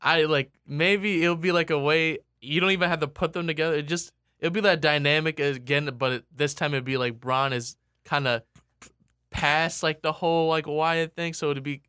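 A man's voice: fairly high pitch, fairly even intonation, normal speed, sharp tone, clean tone, dry recording, clean studio sound. A man in a casual chat, rambling with lots of restarts and fillers.

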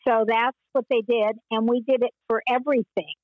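An older woman and former child actress, telling stories in an interview with meandering pauses and frequent laughs. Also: a little high, steady tone, dry recording, narrow, tinny audio. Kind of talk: reminiscing interview.

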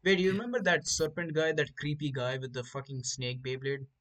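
Young man, host, crude animated storytelling, fairly high voice, swears a lot. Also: brisk, rough recording. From India. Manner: profane, animated, acts out voices of others. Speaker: podcast host. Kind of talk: casual crude storytelling chat.

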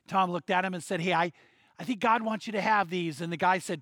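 A man's voice: high voice, a little fast, fairly bright tone, dry recording. A man preaching a sermon, telling a story and acting out the voices of the people in it. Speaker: pastor.

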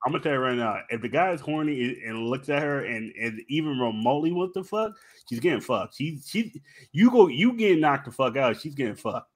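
A man's voice: mid-range voice, lively intonation, fairly quick. A man co-hosting a podcast in casual chat who talks bluntly and emphatically, with plenty of swearing. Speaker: podcast co-host.

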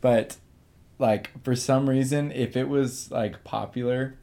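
A man's voice: mid-range voice, fairly even intonation, slow, mellow. A young man in his twenties, a band member guest, telling stories animatedly and laughing often. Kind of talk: casual chat.

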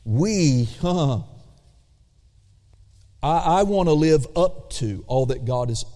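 A man's voice: fairly high pitch, lively intonation, mellow. A man preaching a sermon as pastor, drawing out key words and calling for responses. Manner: slow, drawn-out emphasis with call-and-response. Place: church sanctuary. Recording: long church reverb.

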